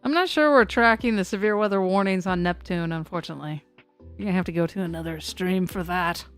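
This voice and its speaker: A woman's voice: on the low side, quick pace, smooth, soft background music. Rambling woman hosting a live stream. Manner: rambling and self-mocking, talks to chat. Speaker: live stream host tracking severe weather. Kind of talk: casual live-stream chat.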